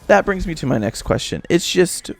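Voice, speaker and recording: Young male vlogger, gravelly, casual and animated storyteller. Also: high-pitched, moderate pace. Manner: animated, rising to loud indignant retelling. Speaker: YouTuber.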